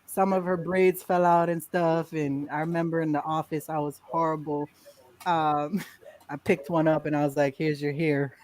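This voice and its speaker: A woman guest in a casual interview, telling a lively story, acting out quotes and laughing often. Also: low-pitched, moderate pace. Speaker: podcast guest.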